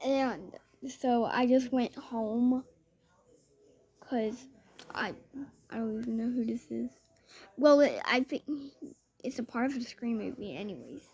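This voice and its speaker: A woman's voice: a little high, lively intonation, a little slow, long pauses, a little mellow, husky. A woman telling a rambling personal story in a chatty way, with fillers and restarts.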